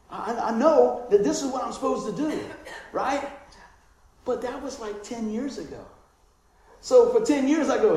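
A man preaching a lively, joking sermon and acting out voices. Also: extremely high pitch, normal speed, long pauses. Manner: animated, joking, acts out voices. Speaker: pastor. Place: church hall. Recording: echoey church room, distant mic.

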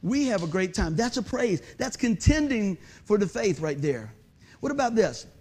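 High-voiced, animated pastor. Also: male voice, normal speed, slightly rough. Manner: animated storytelling, loud shouted bursts. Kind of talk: sermon. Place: church sanctuary.

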